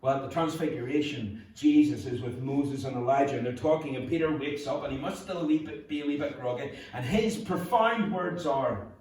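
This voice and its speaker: Brief: Northern Irish male pastor, chatty humorous sermon, mid pitch, distant mic in a reverberant church. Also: a little fast, few pauses, darkish tone. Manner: humorous, conversational preaching. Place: church hall. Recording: echoey hall from far off.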